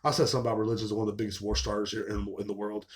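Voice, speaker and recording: A man's voice: fairly low pitch, little pitch movement, very fast. A man hosting his own show, venting in a casual, rambling, sarcastic monologue full of profanity. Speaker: show host.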